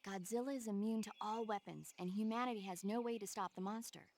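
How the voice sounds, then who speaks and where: A woman's voice: mid-range voice, fast, a little mellow, natural voice. An actress playing a cheerful young female radio support officer who loves movies, chatty and eager, in game cutscene dialogue. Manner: chatty, enthusiastic about movies.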